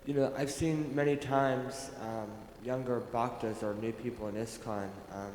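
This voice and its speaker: A man in the audience asking a halting question, full of fillers, in a temple hall. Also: medium pitch, fairly even intonation, a little mellow. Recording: roomy hall, faint background noise.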